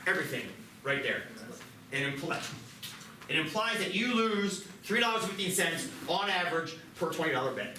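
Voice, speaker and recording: Animated, joking male math teacher. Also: a little high. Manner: lively, joking, quick asides to students. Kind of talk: classroom teaching. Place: classroom. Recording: roomy classroom, mic at a distance, background noise.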